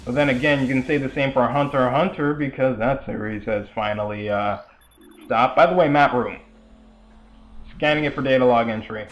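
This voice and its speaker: A man's voice: mid-range voice, moderate pace. Rambling young man commenting on gameplay. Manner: rambling, chatty asides with frequent fillers. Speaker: let's play commentator.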